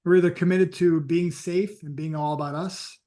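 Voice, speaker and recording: A man with a fairly high voice delivers a motivational training talk on sales. He tells stories in a lively, emphatic, conversational manner, like a coach talking straight to his group. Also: moderate pace. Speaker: sales and network marketing coach.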